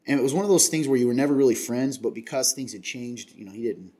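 A man's voice: medium pitch, expressive, fast, dark tone. A man from Kentucky hosting a casual chat, earnest and confiding, rambling with many restarts.

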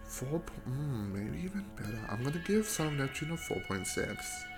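A man's voice: mid-range voice, sing-song, normal speed, over music. A young man hosting a casual solo podcast, gushing over books in slangy, filler-heavy talk with plenty of swearing. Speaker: podcast host reviewing books.

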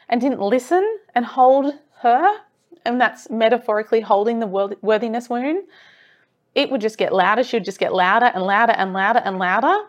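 A woman's voice: on the high side, normal speed, dull audio. A woman talking earnestly as a self-development coach, encouraging the listener and repeating phrases for emphasis. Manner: earnest, encouraging, with rhetorical repetition. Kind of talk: motivational monologue.

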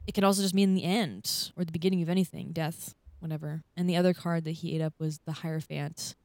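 A young woman co-hosts a podcast in casual chat, with a voice pitched a bit low for a woman. She is chatty and upbeat and explains things at length. The sound is dry and close. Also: steady tone, fast talker, a little mellow, no echo. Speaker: podcast co-host.

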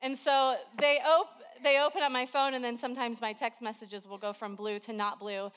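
A woman's voice: on the high side, steady tone, moderate pace, a bit bright. A woman preaching a sermon to a congregation, telling everyday stories in a chatty, conversational way. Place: church service with a congregation.

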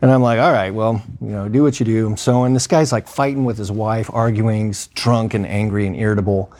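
A man's voice: on the low side, steady tone, fairly quick, darkish tone. A man telling a story from his work in emergency medicine in a casual, conversational way, acting out what people said and using plenty of fillers. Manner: conversational, acts out quoted dialogue, frequent fillers.

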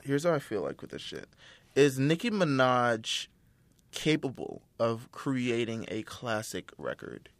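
A man's voice: medium pitch, sing-song, measured pace, no echo. A man co-hosting a casual podcast chat, giving rambling, profane opinions with lots of fillers.

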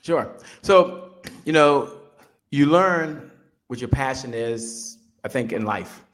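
A man in his fifties, a business guest on an interview show, telling stories in an animated motivational way and often repeating words as he builds up. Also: mid-range voice, takes it slowly. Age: 50s. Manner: animated storyteller, repeats words when excited.

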